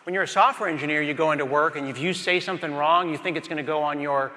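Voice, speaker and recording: A man's voice: on the high side, fast. A middle-aged man giving a conference keynote on a large stage, telling stories animatedly and talking straight to the crowd. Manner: animated storytelling, acts out scenes, addresses the crowd. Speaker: keynote speaker. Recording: reverberant conference hall.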